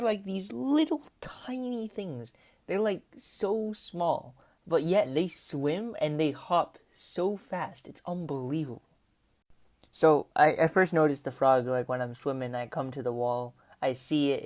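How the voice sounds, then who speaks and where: A woman with an unusually deep, low voice tells a casual, rambling story while commenting over gameplay. She talks in a loose, chatty way, tossing in "like" and "right?" constantly. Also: a little mellow. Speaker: gaming commentator.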